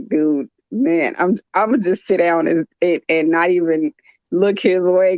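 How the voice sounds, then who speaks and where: A woman in her thirties hosting a casual podcast chat, blunt and animated, laughing as she tells stories. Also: on the low side, dry recording. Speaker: channel host. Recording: dull lo-fi dry sound.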